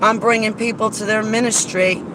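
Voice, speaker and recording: A woman's voice: medium pitch, steady tone, normal speed. A woman venting bluntly and argumentatively in a casual vlog. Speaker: vlogger. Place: in and around a car outdoors. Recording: outdoor traffic noise.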